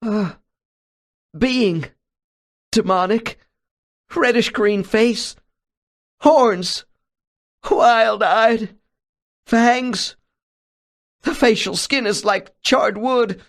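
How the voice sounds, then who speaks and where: A man voicing a terrified evangelical preacher who cries out in a shrill, shouting voice. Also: big pitch swings, takes it slowly, full character voice. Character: terrified male evangelical preacher, fiery, shaken, stubborn.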